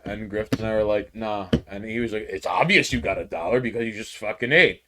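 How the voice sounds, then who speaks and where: New york guy cohosting a podcast, swears a lot, animated storytelling, gets loud then quiet. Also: on the low side, brisk, slight background noise. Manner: profane, animated storytelling with swings in loudness. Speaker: podcast co-host. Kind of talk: casual chat, storytelling.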